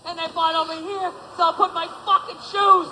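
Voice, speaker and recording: A man's voice: very high-pitched, flat delivery, a little fast, bright, forceful tone, slight background noise, low-quality recording. A man doing a stand-up routine, ranting with profanity and sarcasm. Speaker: stand-up comedian.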